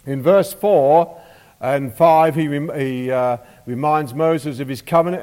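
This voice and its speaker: A man's voice: on the high side, measured pace, warm tone. A man teaching a Bible lesson as a sermon, who stresses repeated key phrases with emphasis. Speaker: preacher. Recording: reverberant hall.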